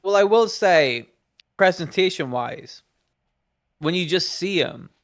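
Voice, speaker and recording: A man co-hosting a casual film podcast, animated and acting out reactions as he talks. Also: high voice, slow. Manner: animated, acts out reactions in quotes. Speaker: podcast co-host.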